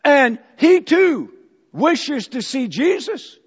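A man's voice: extremely high pitch, sing-song, slow. A man preaching a sermon and telling a story, acting out the voices of its characters. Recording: dull hall echo.

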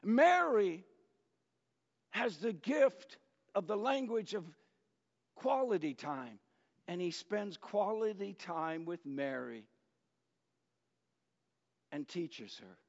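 A man preaching a sermon as pastor, in an unhurried storytelling manner that works in jokes. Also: high-pitched, big pitch swings, vocal fry. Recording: dull lo-fi church recording with long reverb.

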